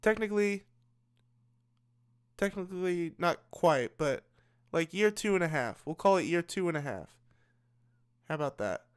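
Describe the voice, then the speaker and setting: A man's voice: high-pitched, expressive, unhurried, long pauses, smooth. A young man hosting a casual late-night livestream, rambling and often repeating and restarting his words. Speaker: livestream host.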